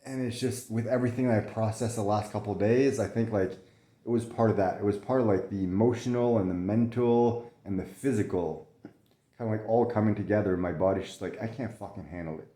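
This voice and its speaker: A man's voice: on the low side, fairly even intonation, a little fast, warm tone, reverberant. A young man talking candidly from bed in a casual vlog, swearing often, restarting his sentences, coughing and short of breath. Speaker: vlogger sharing his illness. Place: in bed at home.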